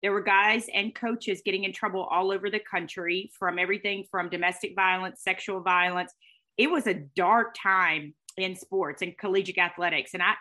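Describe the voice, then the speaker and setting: A middle-aged woman, a guest telling her story in an expressive, fast way. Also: mid-range voice. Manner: fast, expressive, with faith talk and laughter. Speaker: guest, speaker and former sportscaster. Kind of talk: animated storytelling interview.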